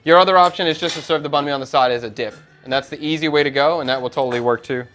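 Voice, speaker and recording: A middle-aged male chef talks casually through a livestream, his voice pitched a little high and easy-going. He wanders between thoughts as he works. Soft music and the clink of pans sit faintly behind him. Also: very fast. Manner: chatty, relaxed, thinks aloud while cooking.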